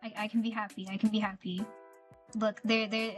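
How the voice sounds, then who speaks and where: Gushing woman streamer, high voice. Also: little pitch movement, normal speed, faint music behind. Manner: gushing, playful, repeats herself. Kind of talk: casual gameplay commentary.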